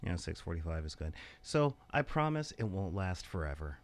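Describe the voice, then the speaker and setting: A man's voice: low-pitched, very animated, normal speed. A young man co-hosting a casual podcast chat, rambling loosely and laughing often. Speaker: podcast co-host.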